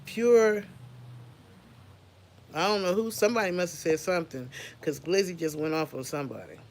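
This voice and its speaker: A woman's voice: low-pitched, quick pace, a little hiss or hum. A woman hosting an unscripted livestream, chatting casually and talking straight to her viewers. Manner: animated, chatty, addresses viewers directly. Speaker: livestream host.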